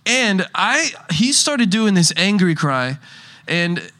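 Young male preacher, slightly high, bright tone; loose, rambling, laughing delivery. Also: sing-song, slow pace. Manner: rambling, restarts often, chuckles through anecdotes. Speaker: pastor. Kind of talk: casual conversational sermon.

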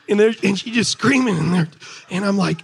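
A middle-aged man preaching a sermon to a congregation in an animated, conversational way, talking straight to his listeners. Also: high-pitched, creaky, slightly rough. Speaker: pastor. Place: church service before a congregation.

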